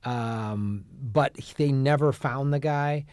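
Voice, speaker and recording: A man's voice: mid-range voice, slow, a little mellow, smooth, no room sound, clean studio sound. A man on a casual film podcast, recounting background facts in a conversational way. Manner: conversational, shares background facts, frequent "right" backchannels. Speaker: podcast co-host or guest. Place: podcast studio.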